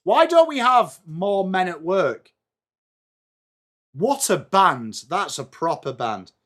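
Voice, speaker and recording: Slow, bright-voiced English streamer. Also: male voice, high voice, big pitch swings. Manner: chatty, self-mocking, reads aloud to chat. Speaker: livestream host. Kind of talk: live watchalong chat.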